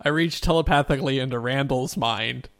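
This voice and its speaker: A man's voice: mid-range voice, brisk, a bit bright, dry recording, studio quality. A man playing a tabletop game, playful and laughing while he talks. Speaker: player.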